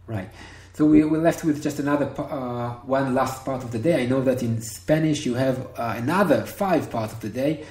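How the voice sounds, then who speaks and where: A man teaching Hebrew one-on-one over a video call, patient and encouraging, repeating words slowly. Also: mid-range voice, a little mellow. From Israel. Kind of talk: one-on-one online language lesson. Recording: roomy video call audio.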